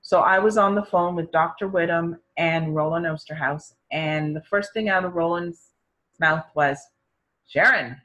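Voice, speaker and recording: Over dull audio, a middle-aged woman speaks on the low side and at an unhurried pace, recounting a personal health story in a chatty way. She brings it to life by performing the voices of the doctors and parents she quotes.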